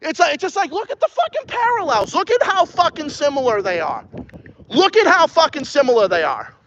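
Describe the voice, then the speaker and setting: A podcast host from Massachusetts with a New England accent rants with heavy profanity while taking viewer questions outdoors. His voice sits unusually high and jumps around a lot. The recording sounds dull and lo-fi, with faint noise behind him. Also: a bit bright. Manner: profane, heated ranting. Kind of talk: ranting live-stream podcast with viewer questions.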